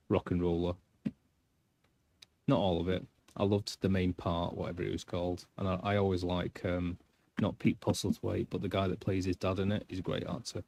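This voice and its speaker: A man's voice: low-pitched, little pitch movement, normal speed, creaky, long pauses, a little mellow. A man with a Northern English accent chatting casually on a live stream, rambling and blunt. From England, between Manchester and Yorkshire.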